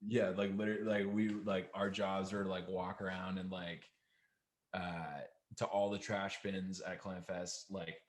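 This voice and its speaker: A man's voice: sits low, little pitch movement, a little slow. A young man, a guest musician, telling a story casually with many fillers. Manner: loose, filler-heavy storytelling. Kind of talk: casual chat.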